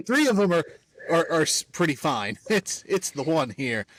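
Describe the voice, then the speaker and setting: A man's voice: on the high side, big pitch swings, measured pace. A young man co-hosting a casual sports podcast, talking in a rambling, laid-back way with lots of filler words. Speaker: podcast co-host.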